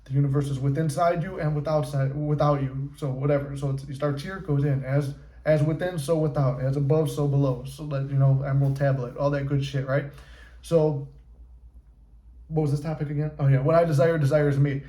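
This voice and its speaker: A man coaching on manifestation in a casual, profane, animated monologue. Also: fairly high pitch, fairly quick. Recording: echoey room.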